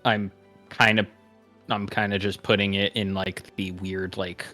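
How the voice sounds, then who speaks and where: A man's voice: sits low, little pitch movement, a little slow, pushed and bright, faint music behind. A young man player, talking in an easygoing, casual way. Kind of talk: casual chat.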